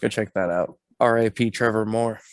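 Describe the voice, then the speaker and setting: A man's voice: lowish voice, fairly even intonation, moderate pace, dry recording. A man co-hosting a podcast, chatting casually about a movie with dry joking asides. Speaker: podcast co-host.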